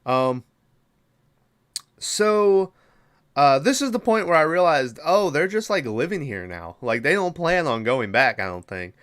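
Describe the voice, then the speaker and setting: A man's voice: a little high, sing-song, measured pace, a bit bright, smooth. Rambling, profane man recapping a film. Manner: rambling, profane retelling with fillers. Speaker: podcast host. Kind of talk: casual movie recap.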